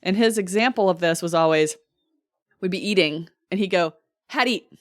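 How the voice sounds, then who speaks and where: A woman's voice: lowish voice, moderate pace, dry recording, clean studio sound. A woman co-hosting a podcast in casual chat, teasing and cutting in playfully. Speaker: podcast co-host.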